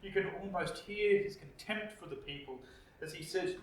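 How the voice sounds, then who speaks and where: A man with an Australian accent preaching a reflective sermon as pastor, slow with dramatic pauses. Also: high voice, a bit bright. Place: church. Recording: echoey church, distant mic.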